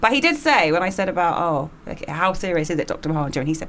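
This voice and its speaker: Lively fast-talking woman. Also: fairly low pitch, slight background noise. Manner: animated storytelling. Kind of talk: casual chat.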